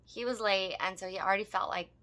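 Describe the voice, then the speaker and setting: A woman with a bright, forceful voice tells a personal story in loose, casual chat. She is blunt and profane and laughs easily as she goes. Her pitch sits in an ordinary middle range for a woman. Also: fast talker. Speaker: podcast co-host.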